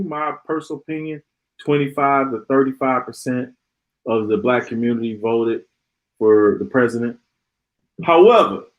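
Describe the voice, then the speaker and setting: Man, live stream host, ranting, sarcastic, high voice, swinging pitch. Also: rough recording. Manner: exasperated, sarcastic, repeats himself. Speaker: podcast host.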